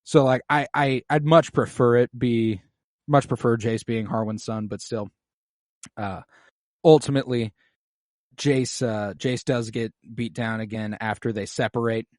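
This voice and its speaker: A man co-hosting a podcast, retelling scenes with animated, acted-out lines. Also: medium pitch, measured pace, no room sound, studio quality. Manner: animated, acts out characters' lines. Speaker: podcast co-host. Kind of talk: casual episode breakdown.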